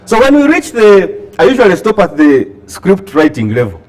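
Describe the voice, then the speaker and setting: Animated Ugandan man addressing a workshop. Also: sits high, normal speed. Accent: Ugandan English. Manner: lively, asks the audience questions, acts out dialogue. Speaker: scriptwriter and workshop speaker. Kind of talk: animated talk to an audience.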